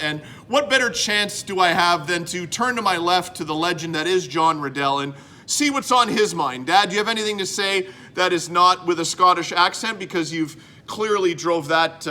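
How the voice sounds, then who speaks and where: Goofy host guy, super bright voice, high-ish, faint noise. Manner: goofy, over-the-top showman. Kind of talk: comedic talk show hosting.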